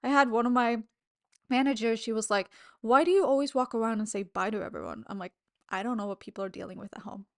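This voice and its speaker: A woman's voice: on the high side, quick pace, dry recording, clean studio sound. A woman hosting her own podcast in a candid, chatty monologue, swearing freely and laughing between thoughts. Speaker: podcast host. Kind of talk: casual solo podcast monologue.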